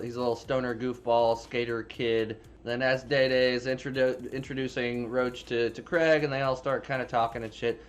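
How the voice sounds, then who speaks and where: Rambling, profane male movie recapper. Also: mid-range voice. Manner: rambling, profane, filler-heavy storytelling. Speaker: movie reviewer. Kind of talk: casual spoiler recap.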